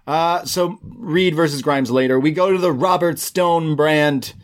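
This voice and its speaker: A man's voice: a little high, a little slow. A man co-hosting a podcast, casually recapping a show and acting out the quoted lines as he retells them. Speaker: podcast co-host.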